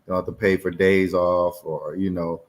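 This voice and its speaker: Very low-voiced musing man. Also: level tone, moderate pace. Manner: thoughtful, musing. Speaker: podcast co-host. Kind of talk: casual chat.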